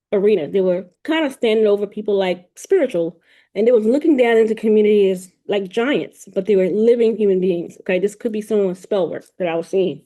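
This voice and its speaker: A woman's voice: mid-range voice, warm tone. A woman hosting a podcast, telling a spiritual vision in a rambling, casual way, often repeating words and restarting sentences. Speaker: podcast host. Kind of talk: casual spiritual storytelling monologue.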